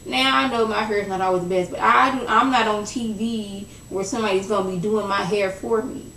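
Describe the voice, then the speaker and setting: A young woman chats through a reality show recap with a gravelly edge, dropping into a lower voice when she acts out what the cast said. She sounds a little off-mic, in an echoey room. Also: steady tone, brisk, a bit bright, recorded from a distance, slight background noise. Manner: chatty, gossipy, acts out quoted lines in lowered voice. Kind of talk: casual recap vlog.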